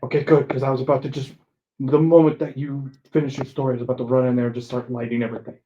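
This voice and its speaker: A man's voice: medium pitch, flat delivery, racing, mellow, muffled recording, a little hiss or hum. A man playing in a tabletop role-playing game, talking in an eager, rambling, easily distracted way. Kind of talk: playful tabletop role-play chat.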